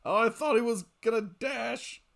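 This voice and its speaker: A tired young man chatting casually while streaming a game late at night, rambling, giggling and reacting loudly to the game. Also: extremely high pitch, normal speed, creaky.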